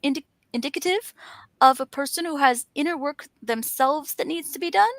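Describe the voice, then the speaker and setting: A woman's voice: high voice, moderate pace, a bit bright, dry recording. A woman talking in an earnest, encouraging way, stacking up emphatic lists. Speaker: author and panel host. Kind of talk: motivational casual chat.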